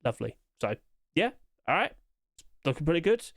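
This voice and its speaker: A man's voice: fairly high pitch, sing-song. A man giving casual, rambling solo commentary on game skins, chuckling to himself as he goes. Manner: quick-talking, trying to rush through.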